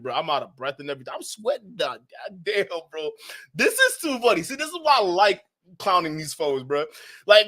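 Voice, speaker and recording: A man doing live reaction commentary as a streamer. He talks in slangy, profane bursts, speaks straight to his chat, and keeps breaking into loud laughter. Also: high voice.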